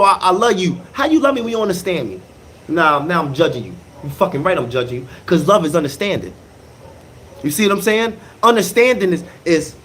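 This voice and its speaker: A man talking in a casual monologue, animated and emphatic, repeating phrases and using slang. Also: high voice, a little hiss or hum.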